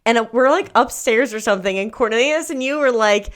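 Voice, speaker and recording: Fast-mumbling woman from New Jersey. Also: fairly high pitch. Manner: fast, slurring and mumbling speech. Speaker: podcast co-host. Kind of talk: casual chat.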